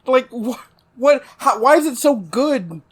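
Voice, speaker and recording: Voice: high-pitched, animated, measured pace, breathy edge. A podcast co-host with a Texan accent in casual chat, laughing often, swearing freely and rambling loosely.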